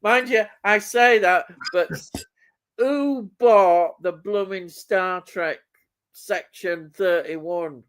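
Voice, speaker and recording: A man's voice: high-pitched, very slow, a bit bright, clear, resonant tone. A man, co-hosting a film chat live stream, reading out chat comments and teasing his co-host with frequent laughs.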